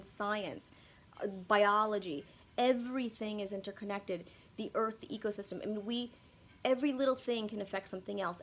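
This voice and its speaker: A woman's voice: medium pitch, a little hiss or hum. Rambling, profane young woman. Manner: rambling, profane, self-deprecating, loses her words. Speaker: YouTube commentator. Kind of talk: casual unscripted video monologue.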